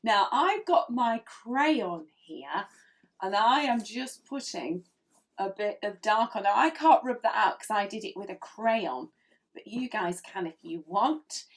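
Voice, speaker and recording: Animated woman teaching kids to draw. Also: medium pitch, a little slow. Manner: animated, encouraging, playful sound effects. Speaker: children's drawing tutor. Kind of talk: draw-along lesson for children.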